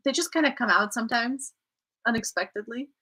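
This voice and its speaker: A woman's voice: fairly high pitch, fairly quick, bright, forceful tone, husky. A woman co-hosting a casual question-and-answer chat, telling stories with plenty of laughter. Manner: chatty, laughing storyteller. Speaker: co-host.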